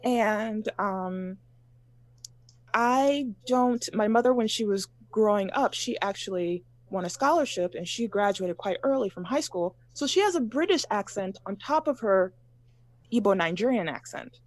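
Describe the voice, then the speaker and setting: Woman in a panel talk telling her story slow and steady, lots of pauses, dry close sound. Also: mid-range voice, no room sound. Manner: measured, telling personal stories with pauses and fillers. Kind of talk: casual panel discussion.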